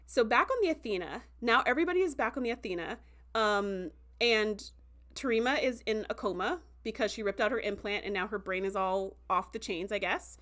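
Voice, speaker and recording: A young adult woman recapping an episode in a casual livestream, animated and full of fillers, acting out quoted reactions as she goes. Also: mid-range voice, fairly quick. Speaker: show reviewer.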